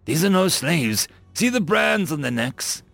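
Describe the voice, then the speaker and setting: A man's voice: a little high, very animated, measured pace, creaky, a bit bright, dry recording, faint music behind, voice pushed up, full character voice. A man voicing a hard-bitten human soldier who speaks bluntly and without pity. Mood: urgent. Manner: blunt, callous.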